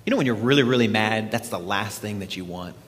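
A man preaching a sermon, retelling a scripture story in an animated storytelling way. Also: lowish voice, quick pace, in a large hall. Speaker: pastor.

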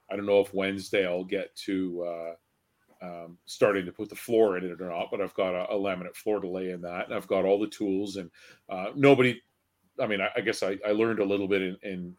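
A man with a fairly low voice talks casually as a podcast co-host. He rambles and often repeats his words before getting them out. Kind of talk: casual chat.

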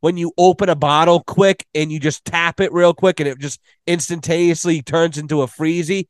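A man's voice: a little high, fairly even intonation, normal speed, clear, resonant tone, dry recording. Profane storytelling man, dry sound. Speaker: podcast host. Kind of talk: casual chat.

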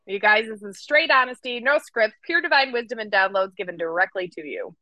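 A woman co-hosting a podcast, talking casually with an energetic, playful and profane manner. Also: on the high side, fairly quick, no room sound, poor audio. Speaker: podcast co-host.

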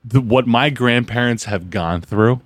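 A man hosting a casual chat, telling family anecdotes in a relaxed way with quick reactions. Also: medium pitch, no echo. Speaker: podcast host.

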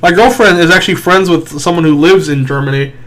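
Young man, fairly high voice, casual chat, laughs a lot and swears freely. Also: fast talker, fairly bright tone. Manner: laughing often, swearing, acting out quoted people.

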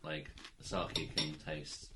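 Measured man explaining over dinner. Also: a bass voice, little pitch movement, background noise. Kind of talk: casual chat over a meal.

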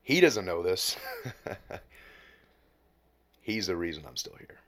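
As a podcast guest, a man in his late twenties with a very deep, low voice recounts a painful story candidly and with raw emotion. He swears heavily and speaks slowly yet very animatedly, dropping to a near whisper at the hardest moments.

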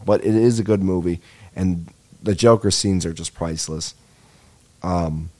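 A man's voice: low voice, dark tone. A young man hosting a comedy podcast, telling rambling, profane, self-deprecating stories in a casual monologue, a little tired. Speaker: podcast host.

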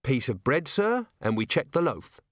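A man's voice: mid-range voice, very animated, normal speed, dry recording, clean studio sound, pitched above the performer's own voice. A man voicing an earnest, helpful young male watch officer with a dutiful, eager politeness.

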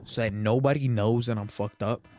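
A man's voice: medium pitch, fairly even intonation, normal speed, dark tone, faint music behind. A young man telling a laid-back, slangy story about a night out in casual chat with friends.

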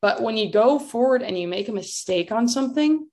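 A woman's voice: on the high side, lively intonation, fairly quick, a little mellow. Upbeat encouraging woman podcast co-host. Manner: upbeat, encouraging, exclaims often. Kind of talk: casual podcast chat.

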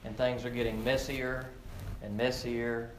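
A man preaching a sermon, earnest, often repeating words as he builds to emphatic, rising peaks and then drops low. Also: level tone, unhurried. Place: outdoor or open church setting with frog croaking nearby. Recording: echoey room with faint ambient noise.

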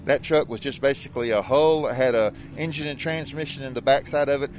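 A man's voice: medium pitch, steady tone, a little fast, slight background noise. A man being interviewed outdoors at a haunted attraction, his voice muffled as if he has something in his mouth. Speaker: guest, movie vehicle owner.

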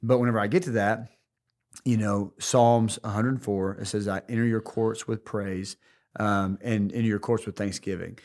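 Low-ish guy co-hosting a church podcast, lots of restarts and uh's, jokey. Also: steady tone, a little mellow. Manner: halting, many restarts and fillers. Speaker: podcast co-host. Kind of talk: casual faith podcast chat.

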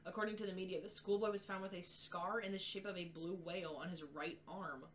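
A young woman co-hosting a casual podcast, reading articles aloud haltingly and reacting with disbelief. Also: on the low side, fairly even intonation, a little hiss or hum, poor audio. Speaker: podcast co-host.

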